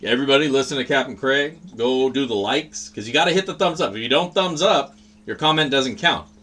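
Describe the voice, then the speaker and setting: A man's voice: medium pitch, a little fast, a bit bright, husky. A man hosting a livestream, chatting casually in a rambling, profane, laid-back way. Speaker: livestream host.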